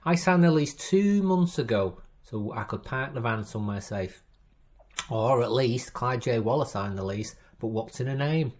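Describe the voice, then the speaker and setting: A man reading a story aloud, voicing a polite, soft-spoken male crook with a Southern accent. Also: medium pitch, lively intonation, moderate pace, close to an everyday voice. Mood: explaining. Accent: American Southern.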